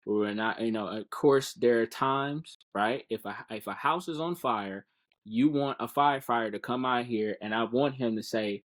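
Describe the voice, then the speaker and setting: A man speaking as a guest in a casual podcast interview, earnest and encouraging, often repeating words while he finds them. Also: mid-range voice.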